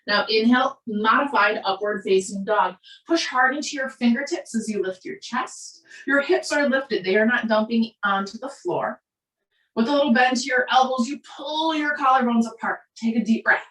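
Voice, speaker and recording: A woman with a Minnesota accent leads a yoga class in calm, steady cues timed to the breath. Her voice sits a little high and comes from some way off the mic in a roomy, echoey space. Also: moderate pace. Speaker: yoga instructor. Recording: roomy echo, voice from a distance.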